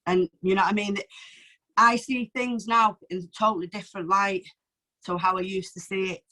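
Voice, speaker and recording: A woman's voice: medium pitch, fairly even intonation, normal speed, sharp tone, rough recording. A woman sharing her own poems at an online open mic from home, chatty and open, often emotional, with lots of fillers. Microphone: video call.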